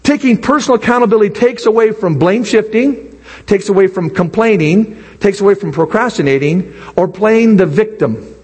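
An older man preaching a sermon, animated, swinging from low quiet asides to high excited bursts. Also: moderate pace, slightly rough, long reverb tail. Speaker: pastor.

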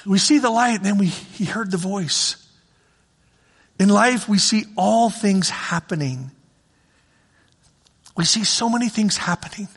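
A man's voice: high-pitched, measured pace, long pauses, husky. A man preaching a sermon as pastor, in a conversational way that repeats phrases for emphasis. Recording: long reverb of a large hall.

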